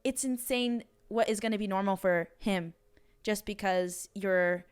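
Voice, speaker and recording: A woman's voice: medium pitch, measured pace, smooth. A young woman in her twenties hosting a podcast, chatting animatedly and saying "like" a lot. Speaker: podcast host. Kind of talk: casual podcast conversation.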